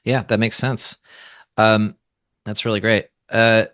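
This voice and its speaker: A man's voice: fairly low pitch, flat delivery, slow, a bit bright, dry recording, clean studio sound. A man hosting an interview, asking enthusiastic, admiring questions. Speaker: interviewer, channel host.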